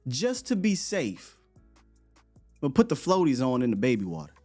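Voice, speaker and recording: Animated man hosting a sports show. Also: medium pitch, normal speed, faint music behind. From United States. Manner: animated, rambling, laughs often. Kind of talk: live morning sports show chat.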